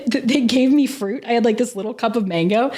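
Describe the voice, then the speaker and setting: A woman's voice: fairly high pitch, normal speed, darkish tone. A woman as a podcast guest, telling a personal story in an earnest, emotional way and saying "like" constantly. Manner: earnest and emotional, heavy use of "like". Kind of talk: casual interview storytelling.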